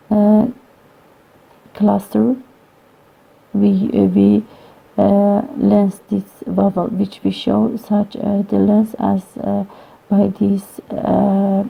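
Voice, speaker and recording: Woman lecturing haltingly over a tinny line. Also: mid-range voice, gravelly, husky. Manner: halting, many "uh" pauses, non-native grammar. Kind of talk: recorded phonology lecture. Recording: tinny phone-like lo-fi recording.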